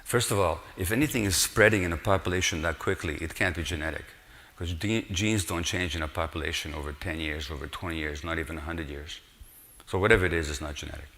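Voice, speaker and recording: Deep-voiced guy doctor giving a talk, earnest and emphatic, long echo in a big hall. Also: fast talker, a bit bright. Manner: earnest, explanatory, emphatic with rhetorical questions. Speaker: physician giving a public lecture. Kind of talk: public lecture.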